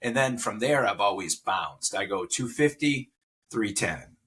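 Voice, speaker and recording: Male podcast guest in his 40s, heartfelt storyteller, bright forward tone. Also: fairly low pitch, expressive, measured pace, breathy edge. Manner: emotional storytelling. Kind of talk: casual interview chat.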